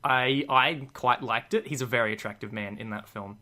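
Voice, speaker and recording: A man's voice: mid-range voice, normal speed, sharp tone. A man co-hosting a casual podcast, joking and laughing as he chats about movies and games. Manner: jokey, laughs often. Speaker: podcast co-host. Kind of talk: casual chat.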